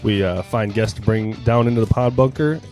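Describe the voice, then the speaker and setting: A man co-hosts a casual podcast with wry asides, his low voice moving at a fast clip. Faint music plays underneath. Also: darkish tone. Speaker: podcast co-host.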